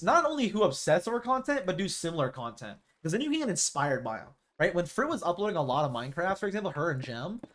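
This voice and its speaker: A man chatting casually with his stream viewers as a live streamer, rambling and acting out quoted exchanges. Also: high-pitched.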